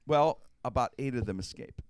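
In a radio studio, a man with a medium-pitched voice at normal speed hosts a talk show. He animatedly tells a story, laughing throughout and drawling "man."

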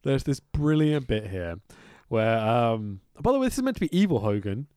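A man's voice: mid-range voice, sing-song, normal speed, a little mellow, smooth, no room sound, clean studio sound. A man co-hosting a casual chat, swearing freely and laughing often as he mocks what he describes. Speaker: podcast co-host.

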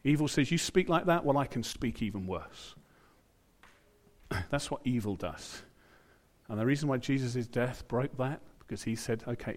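A British man with a lowish voice preaches to his church. He keeps it chatty, drops in asides and acts out the lines he quotes. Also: darkish tone. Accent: British English. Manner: conversational, with asides and acted-out quotes. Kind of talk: sermon.

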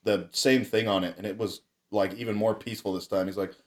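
A man's voice: on the low side, steady tone, a little fast. A young man telling a wild childhood story in casual, profane chat, laughing often.

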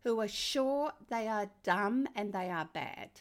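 An older woman with an Australian accent, a former teacher speaking as a guest in a conversation, emphatic and animated. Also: slow pace. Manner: animated, emphatic, rising to high exclamations. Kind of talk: conversational interview.

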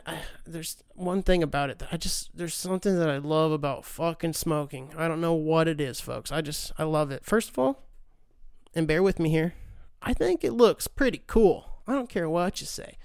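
A man's voice: on the high side, vocal fry, smooth, no room sound, clean studio sound. A young man hosting a podcast, ranting casually with lots of swearing and sarcastic mock voices. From United States. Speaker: podcast host. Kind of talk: casual solo rant.

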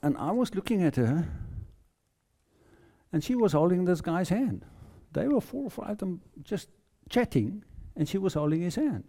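Very dark-voiced South African man preaching. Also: high-pitched, big pitch swings. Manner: halting, earnest storytelling with many repeated words. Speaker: lay preacher giving testimony. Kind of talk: personal testimony in a sermon.

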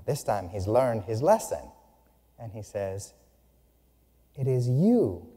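Slow, mellow man telling spiritual stories. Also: medium pitch. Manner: humorous, unhurried, expressive storytelling. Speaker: speaker. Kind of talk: spiritual talk with storytelling. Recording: long hall reverb.

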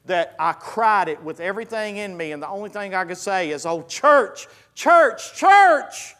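High-voiced preacher, loud emphatic sermon. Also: male voice, a little fast. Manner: swells from low, quiet reading to loud, high-pitched preaching; repeats phrases three times for emphasis. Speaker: pastor.

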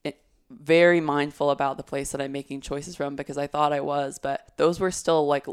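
A woman's voice: deep voice, steady tone, moderate pace, clean tone. A woman talking in a casual, heartfelt conversation, reflective and searching, with lots of "like" and fillers.

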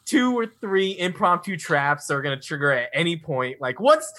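A man's voice: on the high side, very animated, normal speed, sharp tone. A man playing in a tabletop game, chatting casually, nervous and laughing often. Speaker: player.

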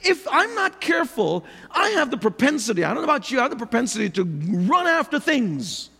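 Pastor, middle-aged man, gravelly high voice, emphatic preaching with rhetorical questions; reverb-heavy hall. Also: big pitch swings, brisk, sharp tone. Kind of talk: sermon.

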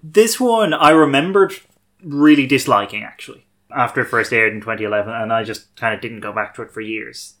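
A man with a bright, clear-edged voice at an ordinary pitch talks through a TV episode. He is wry and thoughtful, often stopping to rephrase himself in casual podcast chat. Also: a little fast, faint music behind. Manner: thoughtful, self-correcting, wry. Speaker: podcast host.

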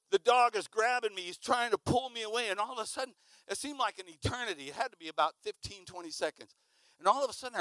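A man preaching a sermon, telling a story with lively acted-out sounds and sudden shouts. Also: high-pitched, dry recording. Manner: animated, acts out sounds and shouts.

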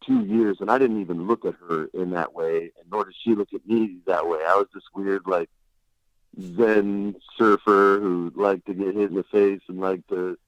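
A man, a guest on a show, telling a story in an animated, rambling way and laughing as he goes. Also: deep voice, normal speed, no room sound, dull audio. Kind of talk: casual storytelling.

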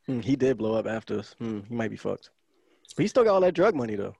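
A man's voice: lowish voice, very animated, fast, vocal fry, darkish tone, breathy edge, dry recording. A man hosting a podcast, opening the show and bantering casually with his co-hosts. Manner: joking, laid-back banter. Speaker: podcast host. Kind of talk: casual chat.

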